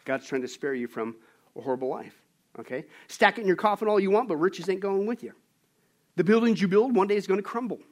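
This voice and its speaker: A man preaching a sermon, emphatic and animated as he tells stories. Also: high voice, fast. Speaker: pastor.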